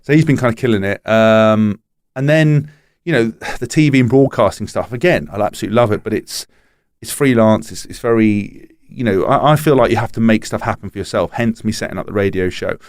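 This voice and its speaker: A man's voice: fairly low pitch, fairly quick, no room sound, studio quality. A retired rugby player, a man, telling stories in casual podcast chat, swearing freely and restarting often. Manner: chatty storyteller, swears freely, frequent restarts.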